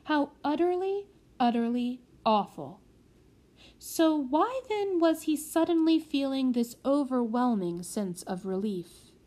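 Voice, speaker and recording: A woman narrating a children's audiobook in a measured way. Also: high voice, expressive, mellow. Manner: measured, with small slips corrected.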